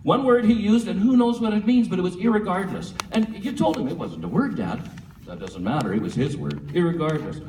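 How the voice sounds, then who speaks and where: A man giving a humorous eulogy for his father at a church memorial, a lively storyteller who chuckles often. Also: high voice, brisk, hardly any pauses. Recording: echoey hall from far off with faint room noise.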